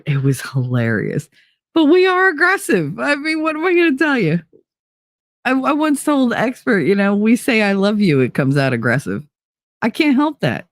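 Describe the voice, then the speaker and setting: New woman, casual podcast host, blunt and profane, lowish voice, dry close mic. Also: no echo. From New Jersey. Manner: blunt, profane storytelling with animated impressions. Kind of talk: casual chat.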